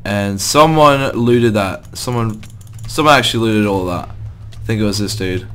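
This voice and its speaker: A young man chatting his way through a gameplay session, loose and self-mocking, with the odd curse. His voice sits a little low but comes across bright and forward. Keyboard typing clicks away behind him. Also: moderate pace, clear, resonant tone. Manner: chatty, swears and laughs at himself. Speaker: gaming video host. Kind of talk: casual gameplay commentary.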